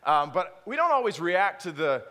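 A male pastor telling a self-deprecating story in a sermon, animated and swinging into loud exaggerated outbursts. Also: sits high, moderate pace. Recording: long hall reverb.

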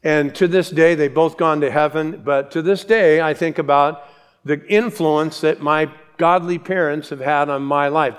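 A middle-aged male pastor teaching an expository Bible sermon, slowing down and dwelling on each phrase as he reads scripture aloud. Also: fairly high pitch, clear, resonant tone. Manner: measured, slows to read scripture aloud.

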